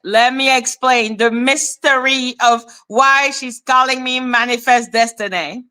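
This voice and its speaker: A woman with a high, bright voice talks in a casual live stream. She speaks slowly but stays animated, laughing often, greeting her viewers by name and swearing freely. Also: clear, resonant tone.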